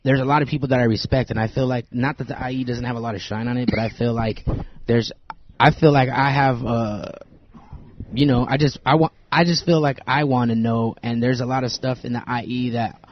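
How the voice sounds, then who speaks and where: A man's voice: medium pitch, fairly even intonation, a little fast, a little hiss or hum. A man in his thirties hosting a podcast, talking casually with lots of stammering and repeated words. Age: 30s. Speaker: podcast host. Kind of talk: casual chat. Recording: dry, dull lo-fi podcast audio.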